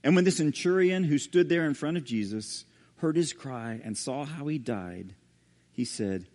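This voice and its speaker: A male pastor preaching a sermon and reading scripture aloud, dramatic, with sudden hushed low drops on key words. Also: lively intonation, normal speed. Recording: long hall reverb.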